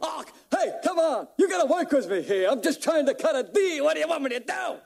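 An actor playing a manic, sleazy male ghost con man who wheedles and pushes, then erupts into shouting. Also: extremely high pitch, animated, a little fast, heavily acted. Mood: frantic shouting. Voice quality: gravelly, wildly swooping. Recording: noisy film clip.

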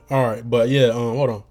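A hoarse young man hosts a podcast, rambling in slangy, profane talk full of restarts. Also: medium pitch. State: getting hoarse. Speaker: podcast host. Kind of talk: rambling casual monologue.

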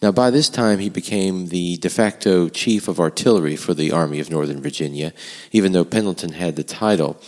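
A man giving a history lecture in a measured, reading manner, with wry asides and long passages read aloud. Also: deep voice. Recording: long hall echo.

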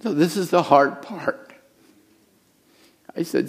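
A middle-aged man preaching a sermon as pastor, telling a story with hushed asides and raised, urgent lines. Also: on the high side, slow pace, husky. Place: church.

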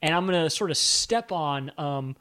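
A man chatting casually about a film, animated and prone to digressions and self-deprecating asides. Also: a little high, moderate pace.

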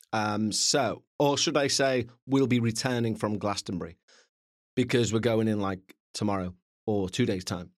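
A chatty man rambles through a podcast intro at a middling pitch, joking at his own expense. He sits in a small carpeted room with no windows, and his voice sounds close and dry. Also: no room sound. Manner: chatty, self-mocking, playful asides. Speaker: podcast host. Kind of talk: casual rambling monologue.

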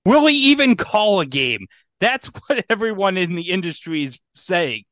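A man's voice: high-pitched, big pitch swings, moderate pace, a bit bright, no room sound. A man with a slightly raised voice co-hosts a podcast in loose, casual chat. He jokes and quizzes his partner. The recording is dry and close. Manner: joking, quizzes his co-host. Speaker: podcast co-host.

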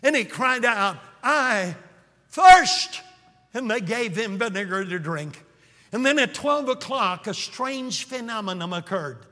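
High, bright-voiced man preaching with fervor. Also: lively intonation, moderate pace. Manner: booming, swinging from hushed lows to shouted peaks. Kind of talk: dramatic revival sermon. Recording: long hall reverb.

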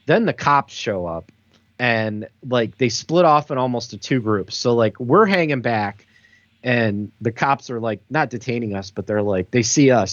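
A man's voice: medium pitch, expressive, unhurried, no room sound. A man in his thirties, co-host of a casual talk show, telling a long story in a rambling way with lots of filler words. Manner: rambling, many "like" fillers, laughs through the story. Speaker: podcast co-host. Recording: dull, dry lo-fi sound.

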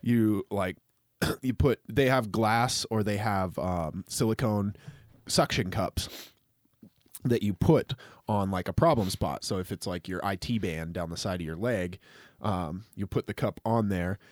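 A man's voice: fairly low pitch, a little slow, no echo, clean studio sound. A man co-hosting a podcast, explaining something in a laid-back casual way, with a lot of ums. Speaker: podcast co-host.

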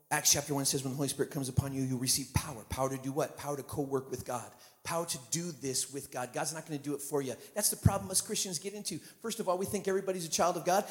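A man in his fifties preaching a sermon as guest pastor, telling stories and building up to shouted preaching. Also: on the high side. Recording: long hall reverb.

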